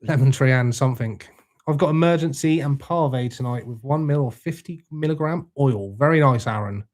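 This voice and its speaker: A young man with a mid-pitched voice hosts a casual live chat. He is laid-back and swears freely, and he greets viewers one by one as their comments come in. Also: normal speed, a little mellow. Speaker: livestream host reading chat.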